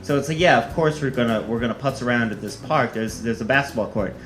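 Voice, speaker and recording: A man's voice: mid-range voice, quick pace, a bit bright, echoey room, soft background music. A man telling a comic personal story on stage, self-mocking and often breaking into laughter.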